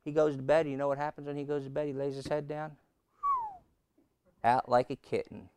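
A pastor preaching a sermon and telling a humorous story, with lots of rhetorical questions. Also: male voice, mid-range voice, little pitch movement, normal speed, darkish tone, slight background noise. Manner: humorous, repeats key lines.

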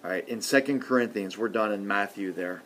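A man preaching a sermon in a conversational way, often adding "see" and "okay", and swinging from loud emphasis to quiet murmurs. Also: fairly low pitch, a little fast, a little hiss or hum.

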